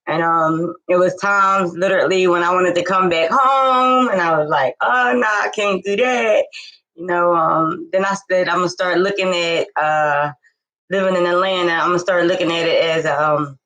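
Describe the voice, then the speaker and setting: A woman's voice: fairly low pitch, fairly bright tone, poor audio. A woman from hosting her own inspirational talk show on a live stream, chatting nervously with lots of fillers and restarts. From Philadelphia. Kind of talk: casual live-stream chat.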